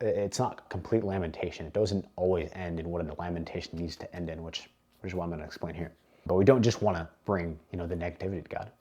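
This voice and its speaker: Man, fairly low voice, casual faith-based coaching talk, earnest, emphatic. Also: a little mellow, breathy edge. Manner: earnest, emphatic, repeats words for stress. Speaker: men's coach.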